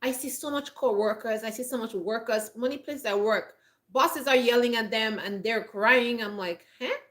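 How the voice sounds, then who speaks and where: A woman with a fairly high, slightly bright voice speaks at a moderate pace. As a homestead vlogger, she gives emphatic, no-nonsense advice to camera out in the countryside, laughing frequently through a frog in her throat.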